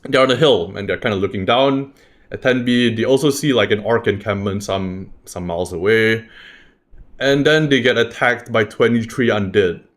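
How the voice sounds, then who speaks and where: A man's voice: fairly low pitch, normal speed, a bit bright. A man recapping a tabletop game session in a loose, rambling way, swearing freely. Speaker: game master recapping a campaign. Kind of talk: casual spoken recap.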